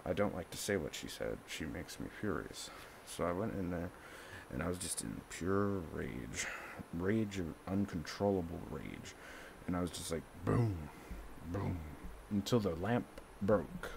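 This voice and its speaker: A man speaks straight to the camera in a loose, casual monologue. His voice sits low and gravelly, and he keeps circling back over the same words in an agitated way. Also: expressive, moderate pace, background noise. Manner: agitated, repeats himself. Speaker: vlogger.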